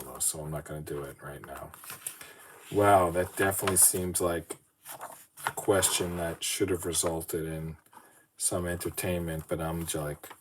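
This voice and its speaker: A man with a very deep voice chats on his own podcast while putting together a brick model. He rambles, mutters to himself, and pokes fun at his own hosting. A clear layer of background noise sits under the recording. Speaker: podcast host. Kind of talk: casual solo talk while building a model.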